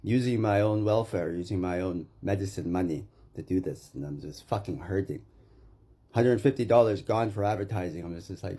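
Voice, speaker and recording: A Canadian man with a low, mellow voice speaks at a moderate pace. He rants at the camera, agitated and profane, accusing someone and repeating that person's name.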